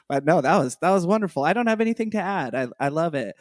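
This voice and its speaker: A man's voice: a little high, expressive, a little fast, no echo, clean studio sound. A man co-hosting a casual podcast, rambling enthusiastically with lots of fillers. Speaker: podcast co-host.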